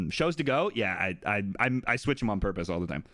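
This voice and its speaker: A lively male streamer telling a story to his chat, his pitch swinging widely as he acts out what others said. He swears casually and talks straight into a close mic with a dry, dead sound. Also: a little fast, no room sound. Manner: animated, swears freely, mimics others in a higher voice.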